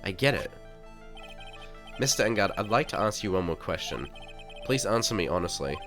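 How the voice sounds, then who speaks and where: Streamer doing a skeptical young defense lawyer, low dry voice, soft game music under it. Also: male voice, big pitch swings, normal speed. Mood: questioning. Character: young male defense lawyer, wry and doubtful.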